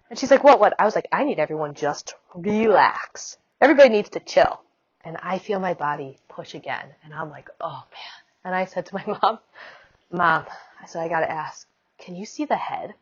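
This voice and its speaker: A woman in her thirties casually recounting giving birth, chatty and quick, full of "like" asides. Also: on the low side, lo-fi sound. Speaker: mother telling her birth story. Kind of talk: casual storytelling.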